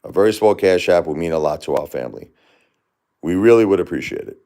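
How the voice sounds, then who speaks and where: On a casual livestream, a middle-aged man with a low, deep voice reacts to viewer comments while grieving and raw. His intonation is lively and his pace quick, and he swings between murmuring soft condolences and raising his voice in angry outbursts.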